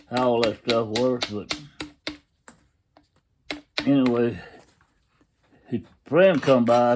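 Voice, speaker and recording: A man's voice: medium pitch, darkish tone, slight background noise. Folksy man telling a story. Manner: folksy drawl, retelling quotes with "he said". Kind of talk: casual storytelling.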